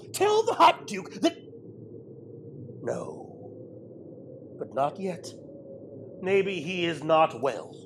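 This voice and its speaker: A man's voice: very high-pitched, a little hiss or hum, poor audio. An actor playing an aged, proud and grief-stricken king in an audio drama, swinging from bellowing rage to broken murmurs. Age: older.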